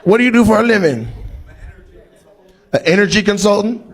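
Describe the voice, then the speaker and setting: A middle-aged man doing stand-up crowd work on a live comedy stage, teasing audience members with loud, profane banter. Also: sits high, expressive, normal speed, vocal fry, a little hiss or hum.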